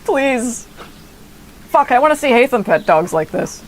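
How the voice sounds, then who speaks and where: A woman's voice: on the high side, very animated, brisk, slight background noise. A woman in her thirties streaming a game, muttering to herself and talking back at it. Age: 30s. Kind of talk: casual gameplay commentary.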